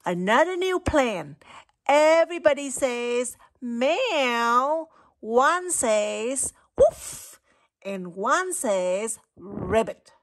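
A woman reads a children's picture book aloud, her voice a little high and swooping widely up and down. She takes it very slowly, coaxing and playful. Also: expressive. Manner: playful, coaxing, makes animal sounds. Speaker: storybook reader.

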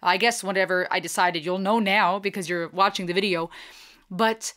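A woman's voice: fairly low pitch, steady tone, normal speed, fairly bright tone. A woman from Germany hosting a reaction video, chatting casually, thinking aloud and dropping in German phrases. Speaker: reaction channel host.

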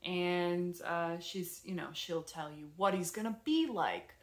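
A woman vlogger casually retelling her day at home, rambling and animated with lots of fillers. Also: fairly low pitch, unhurried. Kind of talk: casual storytelling vlog. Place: her apartment. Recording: echoey room.

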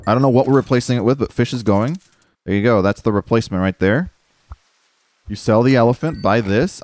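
A man gives casual commentary while playing a game, thinking out loud and poking fun at his own choices. His voice sits at an ordinary middle pitch, and he drops in casual swearing and a lot of "dude". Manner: self-mocking, talks to himself while playing. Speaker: gaming streamer.

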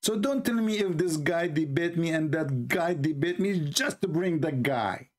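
A man hosts a live-stream religious debate show, mocking and combative, chuckling at his own jokes. He speaks English with non-native grammar in a voice on the high side at a moderate pace.

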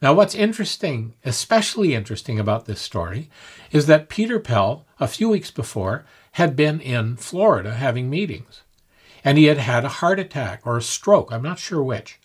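An older man telling a story in an unhurried fireside manner, with frequent pauses and fillers. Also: mid-range voice, sing-song, husky.

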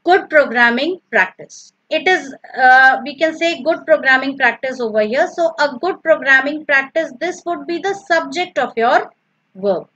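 A woman's voice: high-pitched, lively intonation, moderate pace, bright, forceful tone, dull audio. A woman teaching a recorded grammar lesson, patiently repeating each example and explaining step by step.

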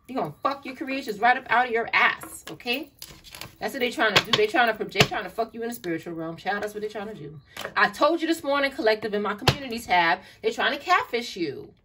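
A woman's voice: fairly high pitch, expressive, brisk. A woman giving an online tarot reading in a blunt, profane, exasperated way, often calling the listener "child". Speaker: tarot reader. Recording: distant mic, faint noise and clicks.

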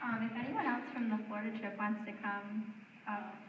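A young woman telling a lively story from a group trip, chatty and full of "like". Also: medium pitch, normal speed. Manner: chatty, many uses of "like". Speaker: student giving a testimony. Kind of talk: storytelling testimony at a campus gathering. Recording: roomy hall, distant mic, dull sound, faint noise.

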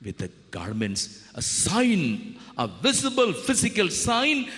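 A man from India, a priest preaching a sermon in a slow, dramatic and emphatic way at a retreat. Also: high voice, huge pitch swings, fairly bright tone. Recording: long hall reverb.

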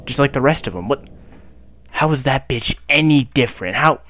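A man's voice: medium pitch, expressive, moderate pace, a little hiss or hum. Young male gamer on a desk mic, hyped and cussing at the screen. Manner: loud, hyped, swears constantly, talks to the game. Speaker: gaming YouTuber. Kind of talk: profane gameplay commentary.

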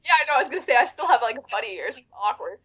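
A woman's voice: a little high, very animated, very fast, pushed and bright, husky, highs cut off. A woman playing a tabletop game in casual chat, self-conscious and laughing often. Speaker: player.

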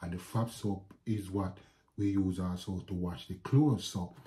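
Jamaican man, vlogger, casual storytelling, low voice, warm dark tone. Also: measured pace. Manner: animated, addresses viewers as guys.

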